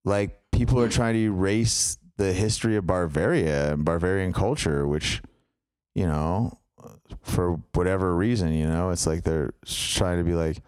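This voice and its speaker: A man's voice: low-pitched, moderate pace, darkish tone, smooth, no echo, clean studio sound. A man co-hosting a podcast, talking in a loose, rambling way full of fillers and tangents. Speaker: podcast co-host. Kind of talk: casual chat.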